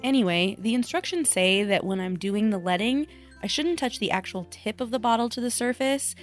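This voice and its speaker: A woman crafter talking casually to her viewers in a chatty, self-deprecating way, thinking out loud as she works. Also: on the high side, brisk, faint music behind. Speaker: craft vlogger. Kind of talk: casual voice-over vlog.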